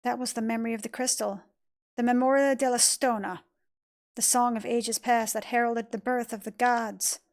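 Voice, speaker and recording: A woman voicing a mysterious, calm young boy from a game cutscene, speaking in a soft, measured, cryptic way. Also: fairly high pitch, close to an everyday voice. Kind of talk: reading game cutscene lines aloud.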